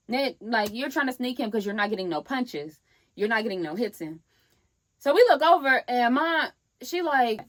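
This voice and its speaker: Animated woman telling a storytime vlog. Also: on the high side, moderate pace. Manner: animated storytelling, acts out quoted voices. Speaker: vlogger.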